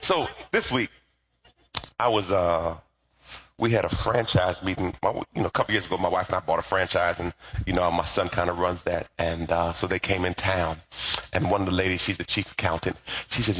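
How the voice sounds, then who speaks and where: A male pastor preaching with a husky, slightly breathy voice. His pitch swings widely as he jokes and tells stories from the pulpit, calling on the congregation to repeat phrases after him. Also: moderate pace, long pauses. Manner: lively, joking storyteller preaching. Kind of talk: sermon.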